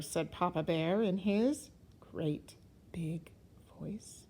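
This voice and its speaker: A woman teacher reading a children's story aloud in an expressive, sing-song way, sometimes dropping to a whisper. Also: fairly low pitch, slow, slightly rough, poor audio.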